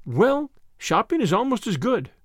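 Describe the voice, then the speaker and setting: A man's voice: sits high, big pitch swings, fairly quick, no room sound, studio quality, voice pushed up. A man doing a chirpy, teasing young woman. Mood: dreamy. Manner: bright, coaxing, teasing.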